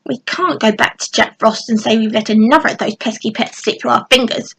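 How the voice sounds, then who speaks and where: A woman's voice: a little high, brisk, creaky, breathy edge, rough recording. Sneaky nervous goblins, as a woman reads them. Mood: demanding. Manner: stuttering, hissing, demanding.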